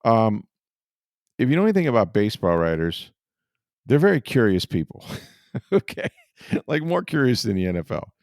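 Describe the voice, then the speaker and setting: Gravelly man telling a rambling story. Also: on the low side, big pitch swings, normal speed, pauses often, no room sound, studio quality. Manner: rambling, self-deprecating, laughs often. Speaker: podcast host and sportswriter. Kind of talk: casual storytelling chat.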